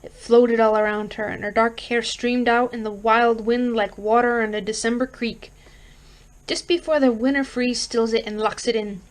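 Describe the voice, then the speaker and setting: A woman reads a horror story aloud in a fairly high voice. Her narration is steady and expressive, in a storytelling style with a first-person narrator. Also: normal speed. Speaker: reader.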